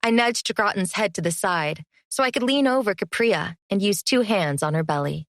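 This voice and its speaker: A woman narrating a first-person fantasy romance audiobook in a lively, expressive reading. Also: fairly low pitch, dry recording, clean studio sound.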